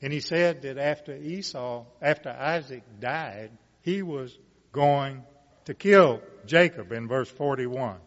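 A man preaching, reading Bible passages aloud and commenting on them in a slow, deliberate way with emphatic rises. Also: mid-range voice. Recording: muffled sound with long reverb.

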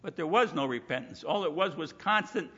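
A man's voice: fairly high pitch, expressive, brisk, pushed and bright, slightly rough. A man preaching a sermon in an emphatic way, repeating "you see" and acting out the people he quotes, recorded in a muffled hall with long reverb.

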